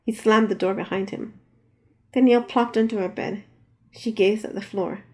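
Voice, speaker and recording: A woman's voice: steady tone, moderate pace, dark tone. A woman, the author, reading her novel aloud as an audiobook, lifting her voice for the characters' lines. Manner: reads dialogue with raised pitch and force. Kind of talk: audiobook narration.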